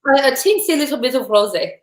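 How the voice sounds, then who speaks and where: Woman, high voice, guest singer, relaxed chat, echoey room, music behind. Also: fast. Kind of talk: casual livestream chat.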